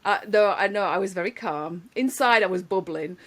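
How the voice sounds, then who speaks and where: A woman, telling lively anecdotes in casual podcast chat, laughing often. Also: mid-range voice, moderate pace. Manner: animated storyteller, laughs often, many restarts. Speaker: podcast guest.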